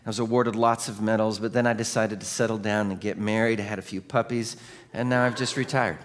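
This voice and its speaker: A boastful talking labrador, as a preacher puts him on reels off his glory days in a calm, matter-of-fact way. The voice sits fairly low and plain, like a joke told from the pulpit. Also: fairly quick, close to an everyday voice. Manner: matter-of-fact bragging storyteller. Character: boastful talking male labrador, retired spy.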